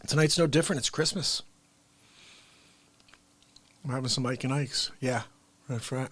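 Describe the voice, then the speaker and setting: A man hosting a live show in casual chat, rambling and soft-spoken. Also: medium pitch, steady tone, slow pace, long pauses, no room sound.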